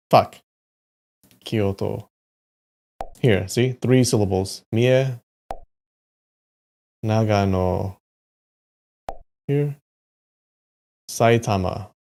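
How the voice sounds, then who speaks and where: A man on a casual live stream, quietly muttering names as he works through a map quiz. His voice is gravelly and his pace unhurried. Now and then he bursts out in frustration or swears. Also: on the low side, slight background noise. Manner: muttering place names to himself, with sudden frustrated outbursts and swearing.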